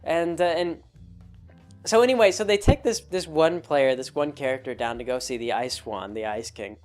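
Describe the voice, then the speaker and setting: A man's voice: a little high, moderate pace, soft background music. A man hosting his show, telling a rambling story about a tabletop game with many restarts. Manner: rambling, animated, full of restarts. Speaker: host. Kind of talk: casual storytelling monologue.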